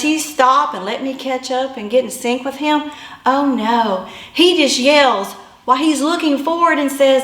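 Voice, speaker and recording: A woman telling a personal story in an animated way, building to yelps and shouts. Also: high-pitched, a little slow, reverberant.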